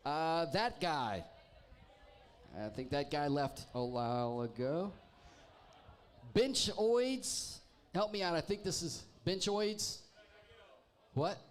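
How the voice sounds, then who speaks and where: A man's voice: a little high, lively intonation, slow, long pauses. A man hosting a live pub trivia night, reading team names with wry, teasing jokes to the crowd. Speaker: trivia host. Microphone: handheld microphone.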